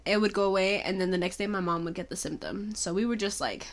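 A woman in mid-range voice co-hosting a podcast with a stuffy nose. She teases her partner and reacts with animated bursts in easygoing casual chat. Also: mid-range voice, fast talker. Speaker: podcast co-host.

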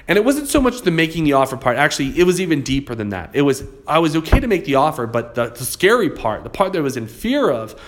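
Man telling a motivational story. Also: mid-range voice. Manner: conversational, repeats words as he goes. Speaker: real estate investor and public speaker.

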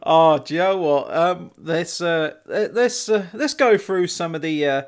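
A man's voice: on the high side, a little slow. A man hosting a casual podcast chat, rambling wryly and quoting others with sarcasm.

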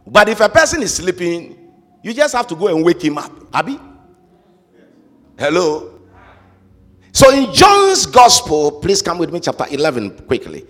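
A man preaching a sermon, emphatic and sing-song, rising to shouts and asking the congregation to repeat phrases. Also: sits high, huge pitch swings, normal speed, long pauses. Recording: reverberant hall with faint music.

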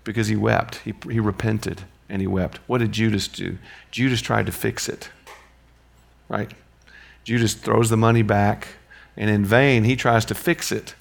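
Male Bible teacher, low and gravelly; conversational classroom lesson with rhetorical questions. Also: steady tone, measured pace.

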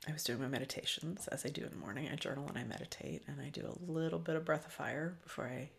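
A woman hosting a podcast, talking in a loose, candid, profane way about spiritual matters, with frequent ums and soft near-whispered stretches. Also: deep voice, quick pace. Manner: often drops to a soft, breathy near-whisper. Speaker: podcast host. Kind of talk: casual spiritual reflection.

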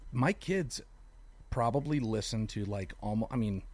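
A man and father co-hosting a podcast, telling jokes and animated stories in casual chat. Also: fairly low pitch, moderate pace. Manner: joking, animated storyteller.

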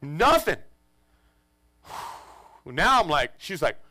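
A man in his forties, a pastor telling a funny family story to his congregation in an animated, joking way. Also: mid-range voice, moderate pace, no room sound. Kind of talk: storytelling sermon. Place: church in front of a congregation.

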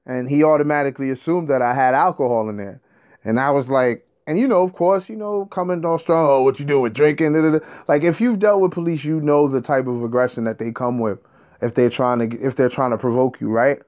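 A man in a casual monologue, telling a story in an animated, streetwise way, with profanity and slang. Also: medium pitch, a little fast.

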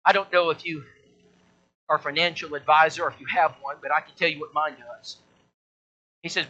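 Bright-voiced, emphatic male preacher. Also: a little high, fairly even intonation, fast, slightly rough, highs cut off. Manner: emphatic and repetitive, rallying with refrains. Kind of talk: sermon.

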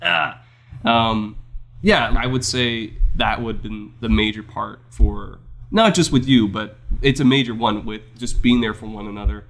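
A young man chatting casually with a friend, talking in a soft, reflective, candid way. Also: on the low side, unhurried, gravelly. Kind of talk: casual chat between friends.

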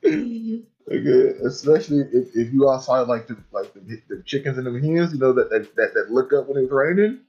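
A man's voice: medium pitch, sing-song, moderate pace, muffled recording. A man co-hosting a casual podcast, talking loosely and stumbling over repeated words. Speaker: podcast co-host. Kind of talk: casual chat.

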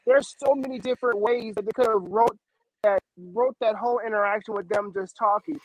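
A man's voice: high voice, steady tone, fairly quick, dry recording, poor audio. A man co-hosting a casual movie review podcast, rambling and thinking aloud with many fillers. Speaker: podcast co-host.

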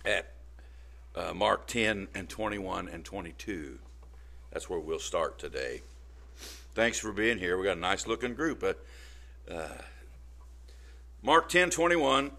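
A man delivers an informal, down-to-earth sermon, talking through the text instead of reading a script and often pausing to check in with listeners. His low voice is bright, forceful, animated and creaky.

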